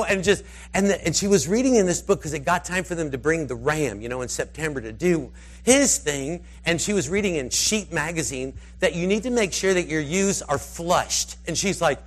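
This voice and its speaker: A man with a fairly high voice preaches through a long anecdote, rambling and animated. His pitch swings widely as he acts out the people in the story. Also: normal speed. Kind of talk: storytelling sermon.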